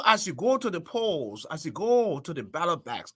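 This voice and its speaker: A man giving emphatic political commentary as a talk show host. He swings from low muttering to shouting. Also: sing-song, normal speed, few pauses, husky.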